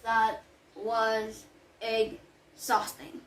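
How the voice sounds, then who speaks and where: Recorded far from the mic in an echoey room, a woman plays Juliet's nurse in a class play, a fussy, flustered middle-aged nanny. Her voice is on the high side and a little slow, lightly acted as she stammers and corrects herself in this amateur school production.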